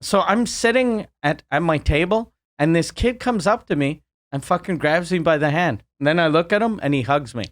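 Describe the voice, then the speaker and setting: A man with a Quebec French accent co-hosting a comedy podcast, telling crude jokes in animated chat. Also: on the high side, normal speed, no room sound, clean studio sound. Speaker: podcast co-host.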